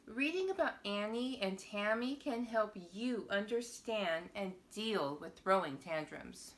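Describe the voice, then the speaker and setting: A woman reading a children's picture book aloud to young viewers, with a playful, expressive storytelling manner. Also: medium pitch, measured pace, hardly any pauses.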